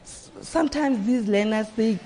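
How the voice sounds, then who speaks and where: A woman's voice: a little high, normal speed, warm tone. A woman teacher answering earnestly on a panel, repeating words to stress her points. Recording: reverberant room with faint noise.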